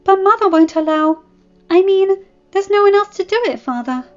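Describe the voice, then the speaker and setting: A woman voicing a timid, eager young noble girl who speaks in a high, anxious, pleading way. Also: lively intonation, measured pace, highs cut off.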